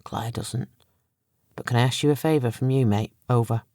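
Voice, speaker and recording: A woman's voice: very deep voice, fast, warm tone, no echo, studio quality, pitched below the performer's own voice. A woman voicing a middle-aged male police chief, strained and heavy with emotion. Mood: desperate.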